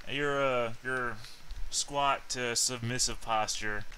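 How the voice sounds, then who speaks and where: A man's voice: mid-range voice, fairly even intonation, extremely slow, pushed and bright, slight background noise, rough recording. A man narrating a sci-fi tabletop game as game master, hesitant and full of fillers.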